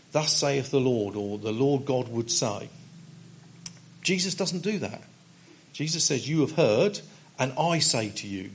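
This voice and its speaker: A man preaching an expository sermon. He reads a passage aloud and then explains it with emphatic stresses, using some filler pauses and restarts. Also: mid-range voice.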